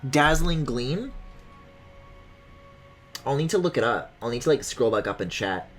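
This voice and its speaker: A woman streaming a video game, chatting casually and swinging between loud squealing outbursts and low mutters, swearing often. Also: animated, measured pace, soft background music.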